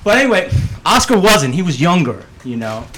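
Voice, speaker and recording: A man telling stories as a guest in casual, profane, animated chat. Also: high voice, brisk.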